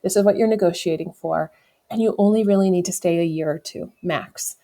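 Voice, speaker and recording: A woman in her thirties from the United States speaks in a slightly low voice as a podcast guest. She tells a personal story candidly and reflectively, often breaking off to correct herself and laughing now and then. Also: fairly quick, mellow. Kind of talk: conversational storytelling.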